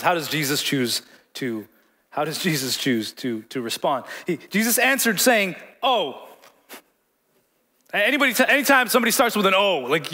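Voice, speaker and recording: A man's voice: high-pitched, bright, forceful tone. A man preaching a sermon as pastor in a church hall, conversational, repeating words and joking with the congregation.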